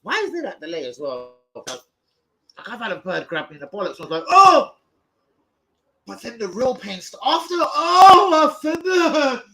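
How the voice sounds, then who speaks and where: A young man with a high, quick, breathy voice hosts a football fan channel, and the audio is poor. In casual chat he tells rowdy stories loudly and with animation, swearing often and breaking into yelps and laughs.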